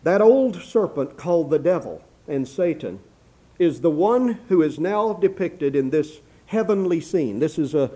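Measured man preaching a Bible sermon. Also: a little high, expressive, dark tone. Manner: measured, slows for quoted scripture, repeats "if you please". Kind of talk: expository sermon.

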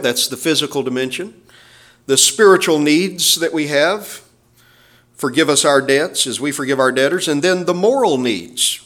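A male pastor preaching a sermon, with emphatic, measured phrasing and quoted scripture. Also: on the high side, fairly bright tone.

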